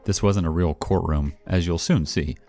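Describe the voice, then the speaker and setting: A man reading a first-person story aloud in a wry, expressive way, as the channel's narrator. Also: low-pitched, moderate pace, gravelly. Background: faint background music.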